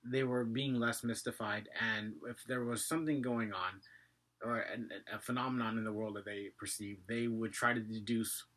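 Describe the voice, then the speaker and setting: Fast-talking man with a slight Asian accent. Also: fairly low pitch, fairly even intonation, a bit bright. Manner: rambling, self-correcting, talks fast. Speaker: vlogger. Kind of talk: casual vlog monologue.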